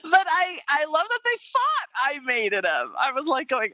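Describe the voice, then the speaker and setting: A woman co-hosting a podcast, telling stories in a casual chat, animated, acting out voices and laughing often. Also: high-pitched, normal speed, no echo. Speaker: podcast co-host and coach.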